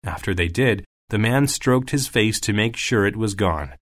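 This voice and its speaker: A man reading a folk tale aloud as scripted narration, with an expressive delivery. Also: lowish voice, moderate pace, dry recording. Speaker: storyteller.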